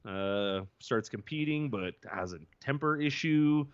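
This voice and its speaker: A man's voice: mid-range voice, lively intonation, clean tone, no echo, dull audio. A man co-hosting a sports podcast, chatting easily and laughing along. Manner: easygoing, laughs along, quick asides. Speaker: podcast co-host. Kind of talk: casual sports chat.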